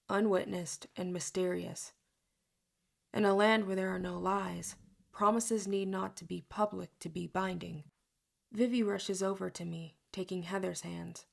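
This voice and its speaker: A woman's voice: mid-range voice, vocal fry. A woman narrating an audiobook in first person. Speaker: audiobook reader.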